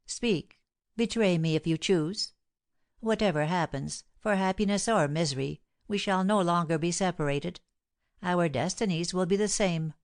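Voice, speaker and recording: A woman's voice: on the low side, moderate pace, close to an everyday voice. Woman reading as a cold, scheming young wife. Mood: contemptuous. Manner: cold, insistent, contemptuous.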